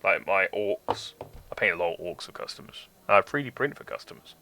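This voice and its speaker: Gravelly, bright-voiced man hosting a stream. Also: sits low, expressive, brisk. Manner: chatty, answers viewer questions. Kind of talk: casual live stream chat.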